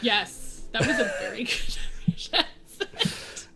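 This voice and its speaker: A woman's voice: on the high side, takes it slowly, vocal fry, soft background music. A woman talking as a guest in a casual chat, telling stories with frequent laughter. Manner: laughs often, animated storytelling.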